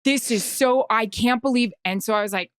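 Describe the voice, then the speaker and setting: A woman in her forties co-hosting a podcast, telling an anxious story in a casual, animated way. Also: fairly high pitch, brisk, clean tone, dry recording, clean studio sound. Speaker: podcast co-host and sideline reporter. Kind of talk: casual chat.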